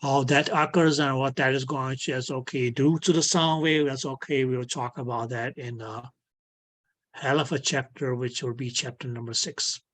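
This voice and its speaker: A man teaching an online physics class, slowly and patiently, filling his speech with "okay" and making small grammar slips. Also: medium pitch, steady tone, fairly bright tone. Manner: repeats "okay" as filler, non-native grammar slips. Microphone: video call.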